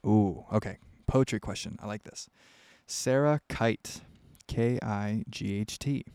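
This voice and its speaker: A man's voice: lowish voice, slow, dark tone, dry recording, clean studio sound. A young man from Ohio hosting a casual solo podcast, answering listener questions in a candid, rambling way with lots of fillers. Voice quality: gravelly.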